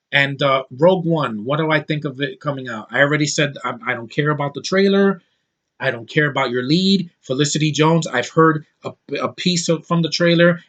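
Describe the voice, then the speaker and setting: A man's voice: mid-range voice, a bit bright. Opinionated American man ranting casually. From United States. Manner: opinionated, emphatic, quick to dismiss things; frequent restarts and stammering. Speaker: vlogger.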